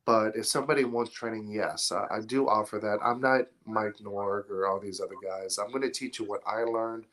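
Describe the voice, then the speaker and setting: A man's voice: lowish voice, fairly even intonation, normal speed, fairly bright tone. A man as a podcast guest, talking bluntly and profanely in casual chat, rambling through stories. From Atlanta area, US. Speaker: podcast guest, film installer.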